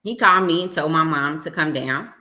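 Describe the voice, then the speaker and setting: Low-voiced woman telling a story. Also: a little fast, echoey room. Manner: animated storyteller, acts out dialogue. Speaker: livestream host. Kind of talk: casual personal storytelling. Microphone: home livestream setup.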